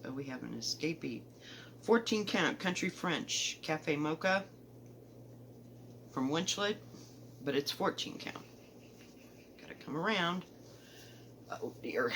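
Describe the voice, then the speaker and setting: A woman with a Southern accent, chatting casually about her stitching at home, rambling, correcting herself and often trailing off softly. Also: deep voice, slight background noise, rough recording. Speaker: cross-stitch vlogger. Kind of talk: casual show-and-tell chat. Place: home, indoors.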